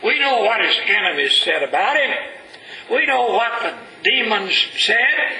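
Slow, bright-voiced preacher in an echoey church. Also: male voice, sits high, expressive. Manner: slow, emphatic preaching, reading scripture aloud in a rising voice. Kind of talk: sermon.

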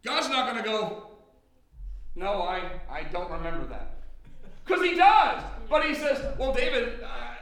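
A middle-aged man preaching a sermon in a loud, booming drill-instructor voice, heard in a church hall. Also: sing-song, measured pace. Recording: echoey hall from far off.

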